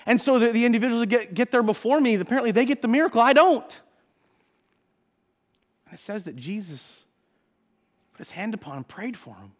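A middle-aged male pastor preaching an animated sermon, acting out Bible scenes and sometimes shouting. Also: sits high, fast talker.

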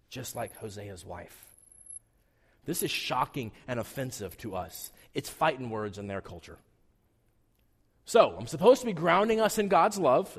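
Pastor guy in his 40s, kinda high voice, storytelling sermon, long echo from the hall. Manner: lively storytelling with acted-out quotes and asides. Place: church sanctuary.

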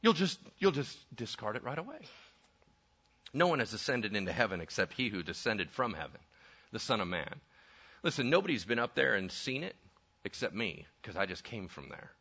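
A man preaching a lively sermon, conversational and full of rhetorical questions. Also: fairly low pitch, brisk, breathy edge. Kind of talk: animated sermon with acted-out voices. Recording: dull lo-fi sound.

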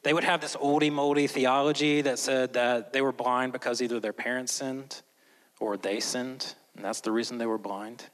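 A man preaching a sermon as a pastor, swinging between loud, emphatic lines and hushed, slow ones. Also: mid-range voice, steady tone, low-quality recording. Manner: slows down and whispers for emphasis.

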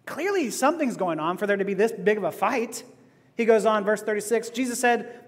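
A man preaching a sermon as a pastor, animated and often laughing as he acts out dialogue. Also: sits high, fairly quick. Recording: long hall reverb.

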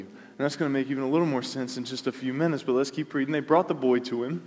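A man preaching a sermon as pastor, emphatic and repetitive, swinging between loud and soft. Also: medium pitch, steady tone, fast, few pauses, big-room sound.

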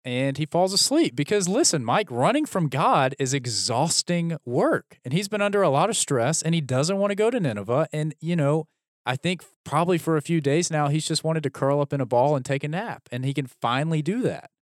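A man co-hosting a casual Bible discussion podcast, retelling the story with lively acted-out lines. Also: fairly high pitch, fairly quick, dry recording, studio quality. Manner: animated storytelling, acts out characters' lines. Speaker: podcast co-host.

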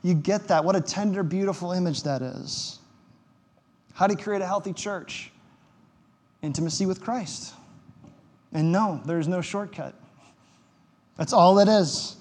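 A man's voice: high-pitched, a little slow, pauses often, a little mellow. A man preaching a sermon as pastor, conversational and emphatic, with wry quips. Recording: long hall reverb.

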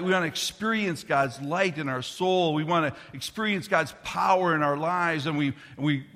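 A middle-aged man preaching a sermon as a pastor, an animated storyteller who talks straight to the congregation. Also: fairly high pitch. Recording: long reverb of a large hall.

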